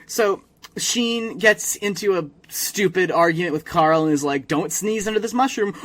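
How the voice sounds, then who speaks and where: A podcast co-host with a high-pitched, fairly bright male voice talks at a normal speed. He casually recaps a cartoon episode, swearing plenty and acting out the characters' lines in exaggerated voices.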